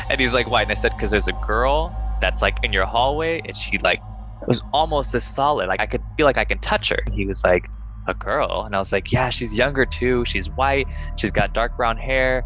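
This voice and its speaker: Young man, podcast co-host, casual ghost-story telling, bright and forceful tone, slightly low voice, faint music behind. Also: low-quality recording. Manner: animated, acts out quoted dialogue in a higher voice.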